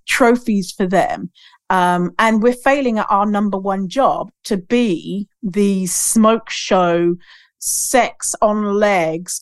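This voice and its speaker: A woman's voice: medium pitch, smooth, no room sound, clean studio sound. A woman guest on a podcast, talking candidly and emphatically, swearing freely. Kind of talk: candid conversational podcast talk.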